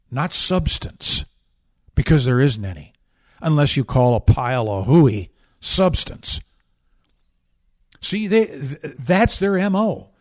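A man's voice: medium pitch, a little mellow. A man hosting a political talk show, delivering sarcastic, indignant commentary with emphatic repetition and frequent restarts.

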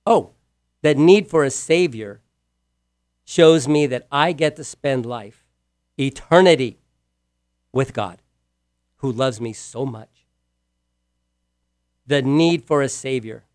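A man's voice: medium pitch, smooth, dry recording. Emphatic male preacher, dry sound. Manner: emphatic, repeats key words, swings between loud and hushed; asks the listeners direct questions. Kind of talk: sermon.

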